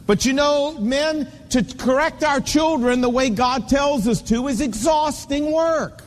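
High-voiced preacher man in a hall. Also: a little slow. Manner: emphatic, storytelling with repeated punchy phrases. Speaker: pastor. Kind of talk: sermon. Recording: long reverb of a large hall.

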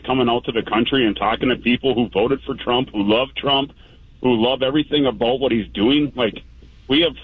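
A man's voice: medium pitch, slightly rough, no room sound. A male caller on a radio phone-in, talking in a rambling, fervent way full of fillers. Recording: tinny dry phone line.

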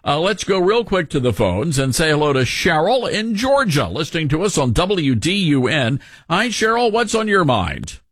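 A man hosting a radio talk show, his voice somewhat high and slightly husky. He swings his pitch widely as he comments, dropping in sarcastic, mocking asides. The studio sound is dry and close. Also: big pitch swings, moderate pace, a bit bright, no echo.

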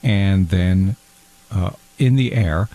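A man's voice: low-pitched, takes it slowly, warm tone. A man playing a fussy, emotional fondue-loving man who talks in a pompous, hesitant way. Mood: prim. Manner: pompous, hesitant, easily hurt. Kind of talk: comedy character bit.

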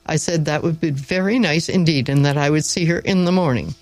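A woman's voice: low-pitched, brisk, a little mellow, no room sound, low-quality recording. Woman reading a wry story aloud, dry.

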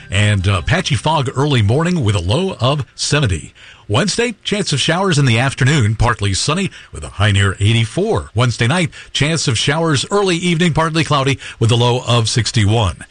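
A male radio announcer reading the forecast with a lively, swinging pitch. Faint music plays behind him. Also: normal speed, no room sound.

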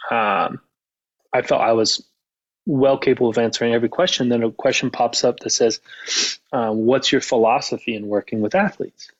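Calm reflective guy talking coaching stuff on a podcast, a bit dull lo-fi sound. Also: medium pitch, normal speed. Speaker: mental performance coach and author. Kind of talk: casual podcast conversation.

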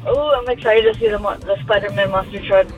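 A radio show caller who gushes and giggles with excitement while chatting with the hosts. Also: mid-range voice, fast talker, husky, phone-quality sound, faint music behind. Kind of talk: excited phone-in chat.

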